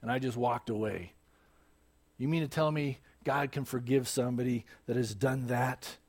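A preacher voicing a hardened gambling-hall owner. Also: male voice, mid-range voice, fairly even intonation, normal speed, a little mellow, natural voice. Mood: pleading. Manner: pleading, insistent. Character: hardened male gambling-hall owner, menacing then broken.

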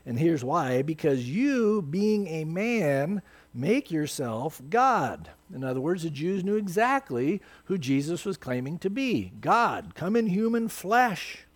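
A man's voice: on the high side, very animated, slow. A man preaching a sermon, quoting scripture with emphatic, rising force.

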